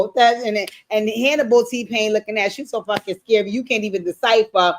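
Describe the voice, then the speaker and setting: A woman recapping a TV episode on a livestream, telling it in casual, animated, profane style and acting out the characters' lines. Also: medium pitch, a little fast. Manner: animated, profane storytelling with acted-out quotes. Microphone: streaming setup mic.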